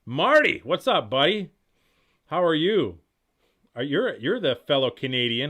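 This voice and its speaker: Excitable man rambling through a live Q&A. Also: fairly high pitch. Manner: rapid, rambling, jumps between thoughts; reads chat comments aloud and reacts excitedly. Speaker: host of outdoor gear channel. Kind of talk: casual live-stream Q&A.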